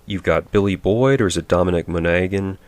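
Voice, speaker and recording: A man with a low, deep voice talks through a movie review in a mocking, sarcastic tone. He rambles offhand from scene to scene, pausing with fillers as he picks his next complaint. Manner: mocking, mimics characters in silly voices.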